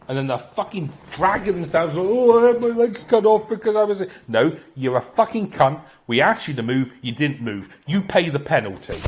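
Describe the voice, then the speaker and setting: A middle-aged man delivering a blunt, profane, heated solo opinion rant. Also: medium pitch. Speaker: commentator.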